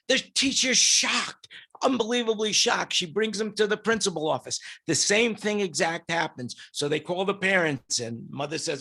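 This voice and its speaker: A man's voice: fairly high pitch, animated, moderate pace, pushed and bright. A man hosting a casual panel chat, telling crude jokes with relish.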